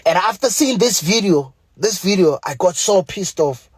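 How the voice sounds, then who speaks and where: Man, South African accent, husky voice, fairly high pitch, angry profane rant, pleading. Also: expressive, normal speed, no room sound. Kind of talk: angry direct-to-camera rant.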